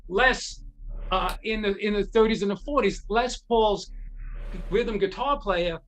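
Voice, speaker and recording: A middle-aged man, a guitar repair technician, telling lively anecdotes as an interview guest, acting out the voices of the people he quotes and often restarting his sentences. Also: high-pitched, measured pace. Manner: animated, acts out quoted voices, frequent restarts. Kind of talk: anecdotal storytelling in a conversation.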